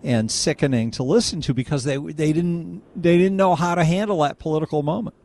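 Chatty radio host with a gravelly voice. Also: male voice, fairly high pitch, a little fast, a little mellow. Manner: conversational, chatty, muses aloud. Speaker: radio talk show host. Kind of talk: call-in radio talk.

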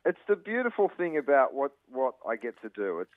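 A man's voice: medium pitch, sing-song, a little fast, no echo. An Australian man talking as a guest chef, enthusiastic with lots of ums and uhs. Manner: enthusiastic, many fillers. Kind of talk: casual radio interview. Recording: phone line.

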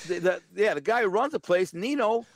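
A man's voice: high voice, lively intonation, brisk, dry recording. A man telling a blunt, streetwise story as an interview guest. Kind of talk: casual storytelling.

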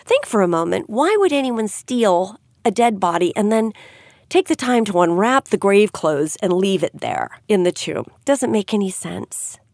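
A middle-aged woman giving an earnest devotional Bible teaching, gently putting questions to her listeners. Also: mid-range voice, sing-song, moderate pace, no room sound, studio quality.

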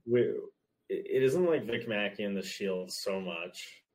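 A man appearing as a podcast guest, talking in a thoughtful, measured way with a few restarts. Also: fairly low pitch, lively intonation, a little mellow, a little hiss or hum. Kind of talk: casual chat.

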